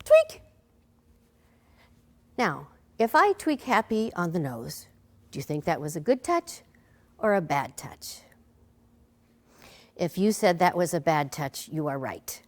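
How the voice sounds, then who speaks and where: A woman teaching a preschool lesson, talking gently to a bear puppet and young children. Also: on the low side, sing-song, a little slow, pauses often.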